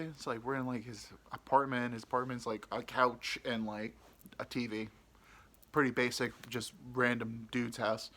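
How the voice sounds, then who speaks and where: Young man, casual comic storytelling, rambling, crude, lots of "like" fillers, bright tone, middle pitch. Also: steady tone, moderate pace. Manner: rambling, crude, full of "like" fillers, acts out quotes. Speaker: podcast storyteller.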